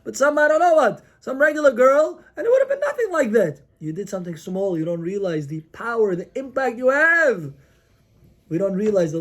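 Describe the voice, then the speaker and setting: Male rabbi, high pitch, lively storyteller sermon, acts out characters. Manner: animated, acts out characters in the stories.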